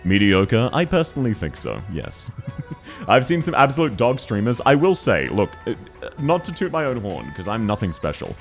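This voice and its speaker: A man chatting casually on a livestream, excitable and quick to laugh, talking fast and loud when worked up. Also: medium pitch, soft background music. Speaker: streamer.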